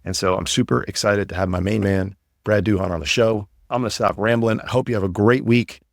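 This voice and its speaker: A man's voice: lowish voice, steady tone, fairly quick, creaky, dry recording, studio quality. A man hosting a podcast, talking in an upbeat, motivational, rambling way. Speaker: podcast host and coach. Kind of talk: casual podcast talk.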